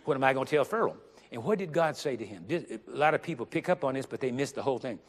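A man preaching a sermon with emphasis, getting louder and slowing down on the words he stresses. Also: mid-range voice, expressive. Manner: emphatic, rising to loud stressed phrases, slows down on scripture. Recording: long reverb of a large hall.

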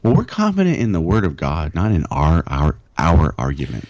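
Deep, dark-toned earnest man, lo-fi. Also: wildly swooping pitch, dry recording. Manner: earnest, halting, searching for words. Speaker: podcast co-host. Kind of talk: casual podcast talk and prayer. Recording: dull, dry lo-fi recording.

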